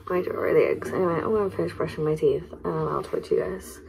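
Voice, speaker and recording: A young woman in her twenties, chatting casually to camera in a relaxed, slightly tired way. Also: deep voice, fast, creaky, noisy background. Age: 20s. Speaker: vlogger. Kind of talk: casual vlog talk.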